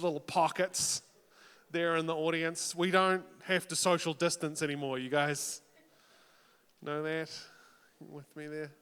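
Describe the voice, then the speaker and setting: A man's voice: fairly high pitch, a bit bright, smooth. A young man from New Zealand with a New Zealand accent, hosting a college talent show with dry, self-mocking jokes and teasing crowd work. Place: college auditorium stage. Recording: reverberant hall on a PA mic.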